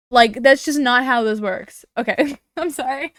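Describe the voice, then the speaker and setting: Excitable high-voiced woman streamer. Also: a little slow, dry recording, studio quality. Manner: excitable, swears, rants then laughs. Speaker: game streamer. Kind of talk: let's play commentary.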